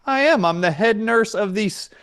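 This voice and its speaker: A surprised older nurse woman speaks in a squeaky, raised voice, as a man puts her on in his story. The pitch jumps well above his own, and the voice sounds bright and chatty. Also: animated, moderate pace, clear, resonant tone.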